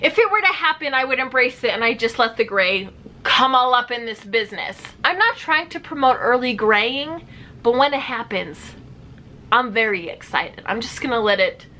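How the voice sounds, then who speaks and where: A young woman giving animated, sarcastic reaction commentary as a vlogger. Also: fairly high pitch, normal speed, a little hiss or hum. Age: young adult.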